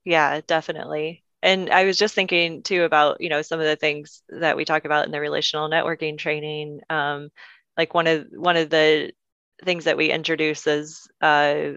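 Low gravelly woman, dull lo-fi sound. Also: flat delivery, normal speed, fairly bright tone, dry recording. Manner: agreeable, hesitant, searching for words. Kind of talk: conversational discussion.

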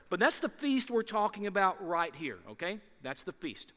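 Pastor, man, high bright voice, lively conversational sermon, big hall reverb. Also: normal speed, few pauses. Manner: lively, conversational preaching with repeated rhetorical questions.

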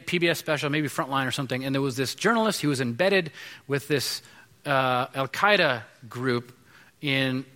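Man, 30s, pastor, sermon, conversational, bright forceful tone, big reverberant hall. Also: on the high side. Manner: conversational, many restarts and fillers. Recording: long reverb of a large hall.

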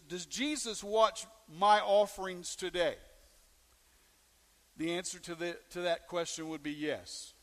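Male pastor mid-sermon, folksy, asks the room questions; high voice, echoing church hall. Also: a bit bright. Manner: folksy storytelling with questions to the congregation.

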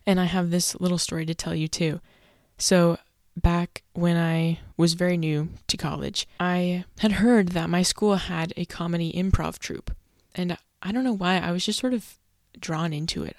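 A woman's voice: lowish voice, flat delivery, moderate pace, dry recording, clean studio sound. A young woman hosting a solo podcast, chatty and self-deprecating, laughing as she tells her stories. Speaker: podcast host.

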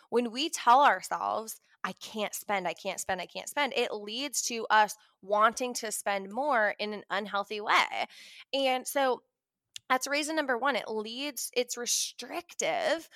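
A young woman talking casually to camera about money, chatty and animated, acting out her own reactions. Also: mid-range voice, dry recording, studio quality. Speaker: personal finance vlogger.

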